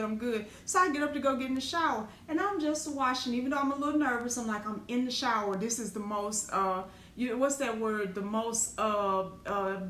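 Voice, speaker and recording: Middle-aged woman telling a wild spiritual story, swears a lot, kinda high voice, echoey room with some faint hiss. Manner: animated, profane, dramatic retelling with colloquial speech. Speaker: spiritual teacher and business owner. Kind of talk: raw personal storytelling talk.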